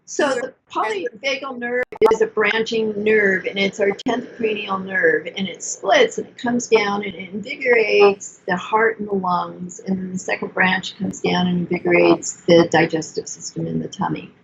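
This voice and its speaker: Older woman therapist, calm and soothing, slightly gravelly, dull lo-fi recording. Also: medium pitch, moderate pace, few pauses, slight background noise. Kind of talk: conversational teaching.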